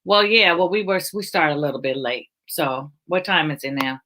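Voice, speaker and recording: A woman's voice: deep voice, moderate pace, pushed and bright, slight background noise. A woman hosting a casual online talk about faith, emotional and encouraging, speaking over a video call. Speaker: host. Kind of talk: casual chat.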